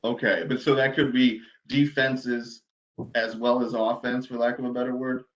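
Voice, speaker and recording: A man's voice: medium pitch, level tone, normal speed. Man questioning a witness on dull audio. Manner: careful, hedging, restates and rephrases. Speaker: attorney cross-examining a witness. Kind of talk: legal questioning.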